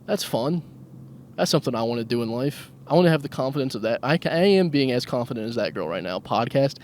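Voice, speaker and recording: Talking fast and expressively at medium pitch, the man runs his one-man comedy podcast while driving his car. Expect crude, self-deprecating humor and frequent laughter, captured on a handheld mic with slight background noise.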